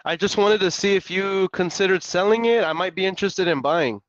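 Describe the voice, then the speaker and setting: Excitable young man host, slangy and upbeat. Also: high-pitched, a little fast, no room sound. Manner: excitable, slangy, laughs often. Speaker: live-stream host making real estate calls. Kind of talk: casual live-stream chat. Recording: dull lo-fi dry sound.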